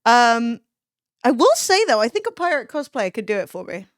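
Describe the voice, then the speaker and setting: A woman's voice: fairly high pitch, sing-song, normal speed, no echo, clean studio sound. A young woman live-streaming, chatting casually with her chat, swearing freely and laughing often.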